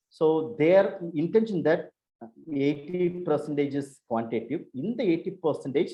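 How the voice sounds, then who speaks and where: Male lecturer on a video call, mid-pitched, halting and repetitive delivery with frequent self-corrections. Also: darkish tone, dull audio. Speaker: university lecturer. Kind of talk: online lecture on research methods.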